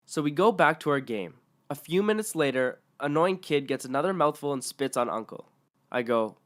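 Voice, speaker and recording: A man's voice: a little high, fairly bright tone. A man narrating online stories aloud in a matter-of-fact way.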